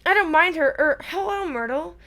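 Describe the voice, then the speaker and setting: Woman reading as an anxious, eager schoolgirl, high and brisk. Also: lively intonation, heavily acted. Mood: frantic. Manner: frantic, falsely bright.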